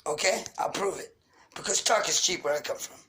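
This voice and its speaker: A man's voice: sits high, brisk, pushed and bright, a little hiss or hum, poor audio. A man rants into the camera, angry and accusatory. He fires off grievances and insults in a raw, unscripted monologue. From Queens, New York. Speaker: vlogger. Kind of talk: ranting monologue.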